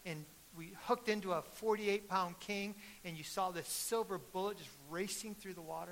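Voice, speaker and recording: Middle-aged male pastor, bright forceful tone, storytelling sermon that swells to loud emphasis. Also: high voice, normal speed, few pauses, a little hiss or hum, poor audio.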